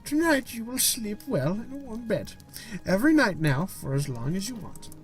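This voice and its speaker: A man's voice: big pitch swings, faint music behind. A man putting on a frail Scottish granny. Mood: gently wise. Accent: attempted Scottish. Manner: slow, tender, high put-on voice. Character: frail loving elderly grandmother. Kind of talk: voicing a character in a text game.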